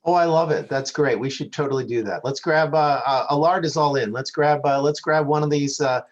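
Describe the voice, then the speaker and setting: A man playing in a tabletop game, rambling and excitable, often searching for words. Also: fairly high pitch, brisk, dull audio. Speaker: player.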